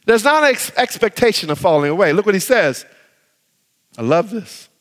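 A man's voice: high-pitched, fairly bright tone. A man preaching a sermon as pastor, acting out voices of believers as he speaks. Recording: reverberant hall.

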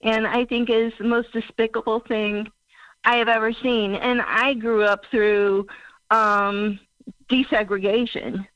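Older woman caller from Missouri, emotional and halting, higher-pitched, on a dull phone line. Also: flat delivery, a bit bright, clear, resonant tone, dry recording. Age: 60s. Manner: halting, emotional, searching for words. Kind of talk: call-in talk show caller. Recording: muffled phone call.

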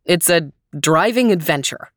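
A woman voicing an upbeat, persuasive father in a storybook, in a fairly low, close voice. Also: lively intonation, a little slow, no room sound. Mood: enthusiastic. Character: cheerful scheming dad full of big ideas.

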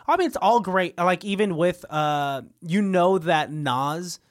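A man co-hosting a casual podcast, animated and jokey, acting out little quotes as he talks. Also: high-pitched, measured pace. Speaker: podcast co-host. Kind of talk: casual chat.

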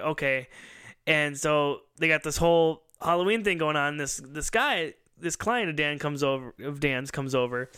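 Male podcast host, rambling storyteller, bright and crisp tone, slightly high voice. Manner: rambling storyteller who acts out quoted lines, laughs often. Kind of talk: casual chat.

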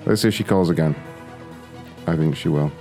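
A man's voice: rumbling low, a little fast, mellow, faint music behind. A young man making prank phone calls, laughing a lot and talking crudely with a mocking manner. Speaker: prank caller. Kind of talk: prank phone call, casual commentary.

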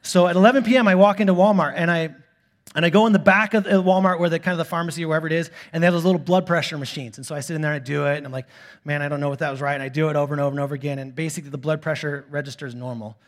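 A man in his thirties, a pastor preaching a sermon in a church, telling stories with swings from quiet asides to loud bursts. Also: a little high, steady tone, very fast. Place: church sanctuary.

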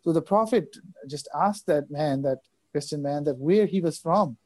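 A man with a fairly high voice tells a religious story at a fast, halting pace. He fills gaps with fillers and stumbles over repeated words. His tone is mellow and warm, and the sound is close and dry. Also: no room sound. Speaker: religious guest speaker. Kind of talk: recounting a religious story in conversation.

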